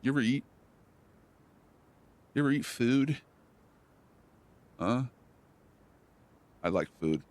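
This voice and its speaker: A man's voice: mid-range voice, expressive, takes it slowly, long pauses, darkish tone. A man hosting a live stream, rambling loosely and joking in slang. His voice sits in an ordinary middle register.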